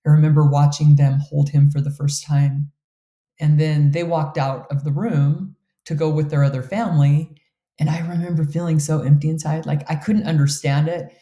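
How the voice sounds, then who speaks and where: Earnest woman telling her story, mellow voice. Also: low-pitched, echoey room. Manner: earnest, candid, emotional storytelling. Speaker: guest. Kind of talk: personal storytelling in an interview.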